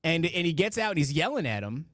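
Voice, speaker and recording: A middle-aged man hosts a live-stream podcast, reading donations and chat in a casual way. His voice is a little high, sing-song, quick, and fairly bright, and he rambles through stories with many restarts and asides.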